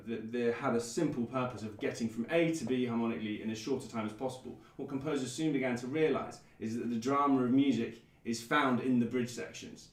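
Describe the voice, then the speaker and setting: A man presenting and explaining a piece of classical music in a thoughtful, measured way, with frequent ums. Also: medium pitch. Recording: roomy echo, mic at a distance.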